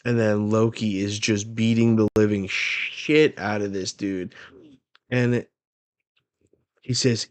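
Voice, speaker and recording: A man hosting a manga reaction, reading the chapter aloud with low-key, muttered asides and casual swearing. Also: steady tone, slow, pauses often.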